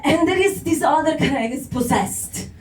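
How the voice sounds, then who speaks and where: A woman's voice: high-pitched, expressive, measured pace, a little hiss or hum. A woman with a non-native English accent performing a stand-up comedy set, chatty and swearing, laughing at her own jokes. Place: live comedy venue with audience. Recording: echoey room, mic heard from a distance, crowd laughter.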